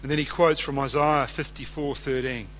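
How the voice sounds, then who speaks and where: A man's voice: mid-range voice, fairly even intonation, normal speed, a bit bright, a little hiss or hum. A man preaching a sermon, reading scripture aloud and speaking conversationally, often putting questions to his listeners.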